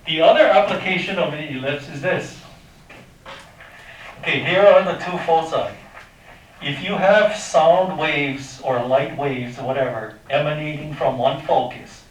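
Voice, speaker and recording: A high school math teacher with a voice on the high side gives an informal classroom lecture, quizzing students and making sound effects. The recording is echoey and distant, with slight background noise.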